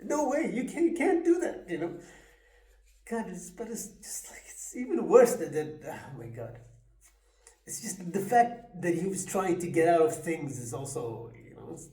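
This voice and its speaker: A speaker making a reaction video, commenting in excitable, laughing asides. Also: medium pitch, moderate pace, echoey room.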